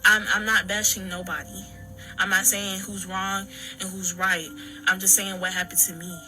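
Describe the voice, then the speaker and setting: A woman recounting her own story in halting, earnest talk full of restarts and fillers. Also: mid-range voice, flat delivery, bright, forceful tone, soft background music, low-quality recording. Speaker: daughter telling her story. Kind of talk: personal account.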